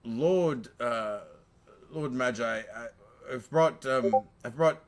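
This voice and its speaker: A man's voice: medium pitch, takes it slowly, close to an everyday voice. A man voicing a flustered, foul-mouthed male pirate in a tabletop game, stammering and indignant. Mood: nervous.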